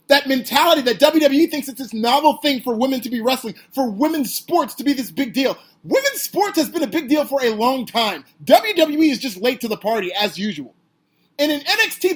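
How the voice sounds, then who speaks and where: A man hosts a podcast alone, ranting with sarcastic emphasis and often rising close to a shout. His voice is slightly husky, and the pitch swings in lively leaps from low grumbles to sharp peaks. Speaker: podcast host. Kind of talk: opinionated solo podcast rant.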